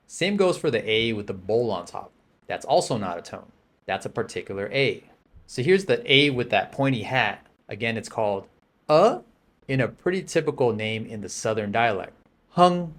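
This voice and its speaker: Guy teaching a language lesson, calm and patient, says words for u to repeat. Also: fairly low pitch, normal speed. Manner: patient, coaching, models words for repetition.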